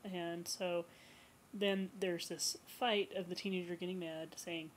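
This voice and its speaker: A woman counselor speaking to camera in a relaxed, conversational vlog, explaining ideas for eating disorder recovery. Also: lowish voice, a little slow, a little hiss or hum, poor audio. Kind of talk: educational vlog talk.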